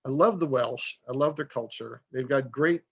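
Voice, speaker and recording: Gravelly man, rambling author guest. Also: mid-range voice, normal speed, fairly bright tone, muffled recording. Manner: rambling, storytelling, self-deprecating. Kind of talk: casual podcast conversation.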